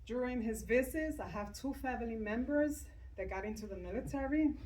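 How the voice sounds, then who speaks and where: A woman's voice: a little high, brisk, a little mellow, far from the mic, slight background noise, low-quality recording. An older woman with a New York accent giving a chatty eulogy at a visitation, acting out remembered conversations. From Bronx, New York. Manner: chatty storytelling, acts out both sides of remembered conversations. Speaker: retired school staff member giving a eulogy. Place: funeral visitation room.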